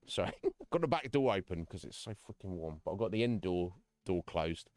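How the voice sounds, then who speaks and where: A man talks loosely to his stream audience from home, rambling and frank and chuckling between thoughts. His pitch is lively and bounces up and down. The sound is dry, with faint music behind him. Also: normal speed, no echo. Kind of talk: casual live-stream chat. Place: home room.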